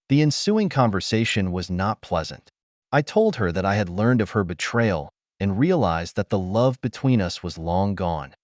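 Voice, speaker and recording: A man narrating a first-person audio story in a steady, even storytelling delivery. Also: on the low side, normal speed, no echo, clean studio sound.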